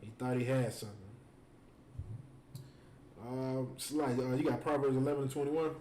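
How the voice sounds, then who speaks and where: Animated man telling stories in an echoey room. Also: mid-range voice, moderate pace, a crowd in the background. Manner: animated, joking, full of fillers. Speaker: host. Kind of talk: casual storytelling and preaching on a stream. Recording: echoey room with faint noise.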